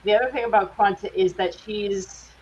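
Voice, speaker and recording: A woman's voice: mid-range voice, normal speed. A woman guest actress chatting in an interview, using plenty of fillers and restarts. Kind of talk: casual interview chat. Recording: dull lo-fi audio with faint hiss.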